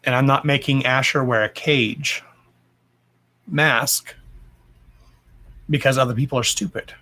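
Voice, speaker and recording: A man's voice: medium pitch, steady tone, unhurried, pushed and bright. A man hosting a casual livestream from home, talking bluntly and swearing freely in a fired-up, emphatic rant. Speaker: livestream host.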